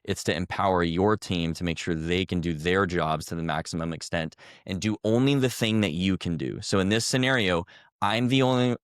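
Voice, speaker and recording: Deep-voiced man telling an earnest story. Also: clear, resonant tone, no room sound, clean studio sound. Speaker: guest, former army officer and coach. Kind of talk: telling a story in a podcast interview.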